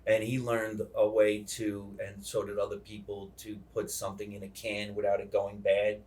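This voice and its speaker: A man with a low voice hosts a casual podcast chat. He is easygoing, laughs often and explains things at length. He sits somewhat far from the mic. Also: monotone, moderate pace, darkish tone. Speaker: podcast host. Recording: distant mic.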